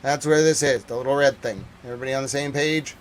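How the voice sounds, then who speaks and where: A man's voice: mid-range voice, fairly even intonation, slight background noise. Man ranting on a livestream. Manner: exasperated ranting, then measured formal report. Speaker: independent war reporter. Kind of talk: livestream news commentary.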